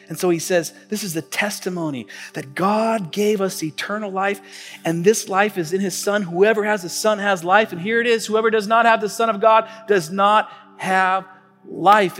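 A man in his forties, a pastor delivering a sermon in a relaxed storytelling way, full of fillers and restarts. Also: sits high, long reverb tail. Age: 40s. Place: church stage.

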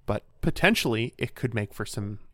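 Deadpan male podcast co-host. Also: fairly low pitch, normal speed, no echo, studio quality. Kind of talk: comedy podcast banter.

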